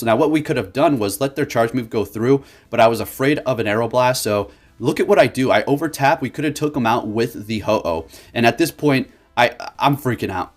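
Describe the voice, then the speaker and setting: A man giving casual, excitable gameplay commentary for his channel, laughing often and talking to viewers as folks. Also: mid-range voice. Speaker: gaming YouTuber.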